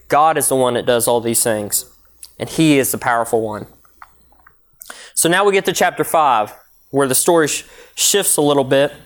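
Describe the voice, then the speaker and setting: Earnest young man preaching. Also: on the high side. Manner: earnest, emphatic, reads scripture aloud. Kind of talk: sermon with scripture reading.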